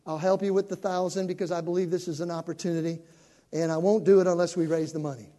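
An older male pastor making an animated appeal to his congregation, building up to shouting. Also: high-pitched, quick pace. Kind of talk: sermon announcement to a congregation. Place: church sanctuary. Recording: long reverb of a church hall.

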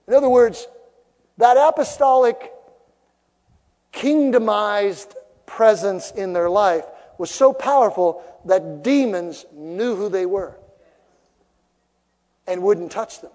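High-voiced preacher man in a reverberant hall. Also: animated, unhurried. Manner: emphatic, builds to loud rising peaks. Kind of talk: sermon. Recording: long reverb of a large hall.

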